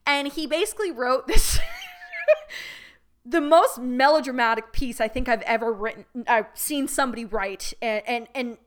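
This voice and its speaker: A young adult woman hosting a podcast, telling a story in a candid, animated and profane way. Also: fairly high pitch, moderate pace. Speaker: podcast host. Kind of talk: casual storytelling chat.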